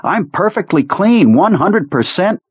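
A man's voice: sits high, very animated, unhurried, breathy edge, muffled recording, voice pushed up, heavily acted. A man voicing a whining, defensive male soldier who pleads in a raised voice.

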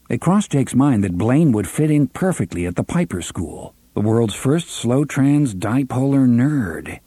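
Man, audiobook narration, lively intonation, mellow husky voice, dry close sound. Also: medium pitch, no echo. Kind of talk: scripted narration.

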